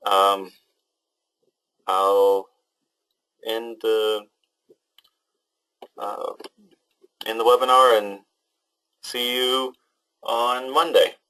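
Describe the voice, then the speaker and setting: A man's voice: on the low side, fairly bright tone, rough recording. Hesitant young man teaching a webinar. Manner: hesitant, many ums and restarts. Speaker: online class instructor. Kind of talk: casual webinar talk to students.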